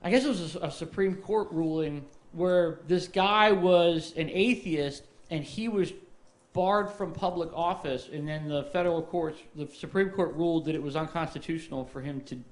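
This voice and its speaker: A man co-hosting a casual podcast, telling stories in a halting, rambling way with many fillers. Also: on the high side. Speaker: podcast co-host.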